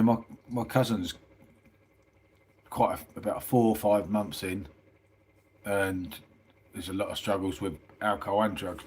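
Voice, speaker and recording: A middle-aged man, chatting casually on a live stream, reading out viewer comments and calling everyone mate. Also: fairly low pitch. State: tired. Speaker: livestream host.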